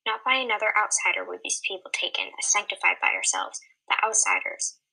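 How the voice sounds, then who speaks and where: A woman co-hosting a podcast, reading a fantasy story aloud in a steady, measured way. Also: medium pitch, vocal fry, slightly rough, poor audio. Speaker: podcast co-host and story reader.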